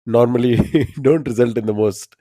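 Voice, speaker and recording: A man co-hosting a trivia podcast in casual chat, easygoing and quick to laugh. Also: medium pitch, dark tone. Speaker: podcast co-host.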